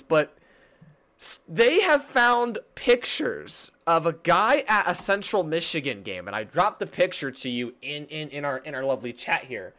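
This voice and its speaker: A young man co-hosting a casual sports podcast, excitable and giggly, tripping over and repeating his words. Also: a little high, a little slow. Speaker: podcast co-host.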